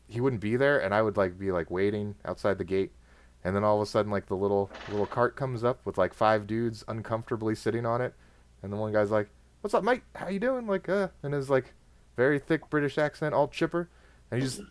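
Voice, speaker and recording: A man telling a rambling story in casual chat, full of fillers and restarts. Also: fairly low pitch.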